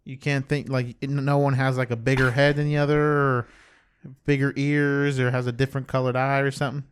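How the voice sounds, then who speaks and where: A man co-hosting a casual comedy podcast with a mid-pitched voice. He fires quick questions at the guest in a mock-offended tone. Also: flat delivery, clear, resonant tone. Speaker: podcast co-host.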